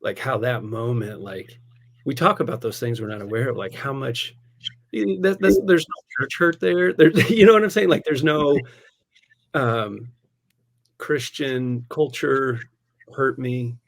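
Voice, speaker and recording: A man with a voice of everyday pitch tells a personal story in a relaxed podcast conversation. He speaks as a pastor, animated and candid, often breaking into laughter. He sprinkles his sentences with "man" and "dude". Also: unhurried, vocal fry.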